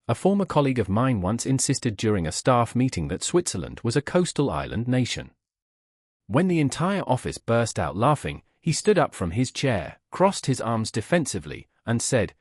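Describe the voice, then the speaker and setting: Man, scripted anecdote narration, wry, lively pitch, husky voice. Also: moderate pace, no echo, studio quality. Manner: wry, storytelling.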